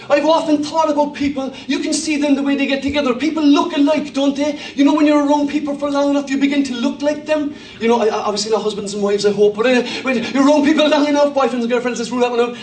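Middle-aged Cork Irish pastor, high voice, jokey storytelling sermon, recorded roomy and distant. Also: male voice, quick pace. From Ireland. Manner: humorous storytelling, animated impressions.

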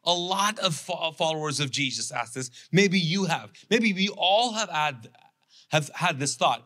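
A pastor delivers a sermon in a casual, storytelling way, acting out quotes with sarcasm and energy. His voice sits a little high for a man and sounds bright and forceful. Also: a little slow. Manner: conversational, animated storytelling with sarcastic acted quotes.

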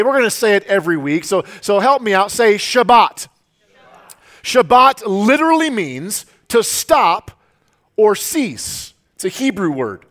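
A man's voice: high-pitched, fairly bright tone. Earnest man preaching a sermon. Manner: earnest, conversational preaching with frequent restarts. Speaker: pastor.

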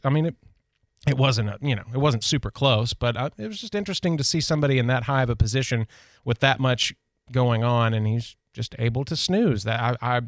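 A man's voice: mid-range voice, no echo. A man hosting a local radio talk show in a studio, chatting casually and rambling through personal stories. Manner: chatty, rambling, self-deprecating. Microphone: studio microphone.

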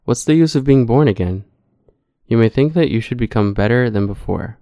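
A man reading a sermon in a measured way, putting questions to his listeners and answering them himself. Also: medium pitch, lively intonation, creaky, mellow, no room sound, studio quality. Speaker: preacher.

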